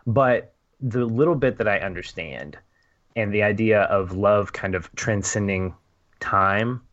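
A man's voice: fairly low pitch, unhurried, a bit bright, muffled recording. A man chatting casually about a film, thinking aloud and acting out little quoted asides.

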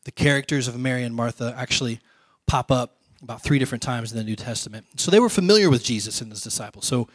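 Male pastor, relaxed chatty sermon, quizzes the room, dry close sound. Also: medium pitch, quick pace, few pauses, no room sound. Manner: conversational, quizzes the congregation, drops to soft quiet lines.

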